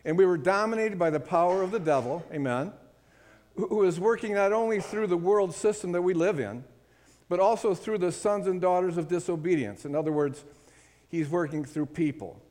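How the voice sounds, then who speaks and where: A man preaches at a moderate pace in a high, slightly mellow voice, speaking with emphasis and calling for amens from the congregation. He's recorded in a hall with long reverb.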